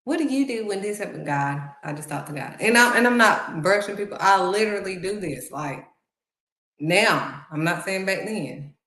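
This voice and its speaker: A woman's voice: medium pitch, lively intonation, moderate pace, fairly bright tone. A woman giving heartfelt spiritual encouragement in a conversational preaching style, repeating phrases for emphasis. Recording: roomy echo.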